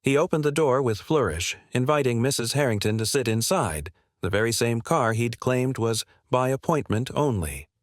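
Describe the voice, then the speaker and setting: A man reading a scripted story in an even, measured way. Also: mid-range voice, no echo, studio quality. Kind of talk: scripted narration.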